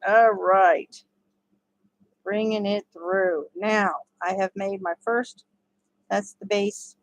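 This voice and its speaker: A woman's voice: mid-range voice, fairly even intonation, takes it slowly, dry recording, poor audio. A woman giving a casual step-by-step crochet tutorial, chatty and laughing often. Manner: chatty, laughs often, talks to her dogs.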